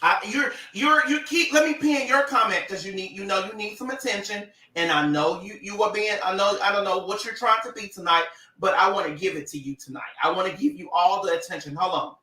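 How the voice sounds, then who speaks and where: Bright, animated man talking on a livestream. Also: high voice, fairly quick, hardly any pauses, echoey room, distant mic, poor audio. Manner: animated and sassy, laughing often. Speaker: social media personality on a livestream. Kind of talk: casual livestream talk to followers.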